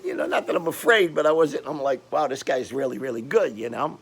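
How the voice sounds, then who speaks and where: Older Brooklyn guy with a gravelly edge, spinning a tough-neighborhood yarn, loose and rambling. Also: medium pitch, fairly quick. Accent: Brooklyn New York. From Brooklyn, New York. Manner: rambling, animated street-tough storytelling with frequent restarts. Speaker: storyteller. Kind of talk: casual storytelling.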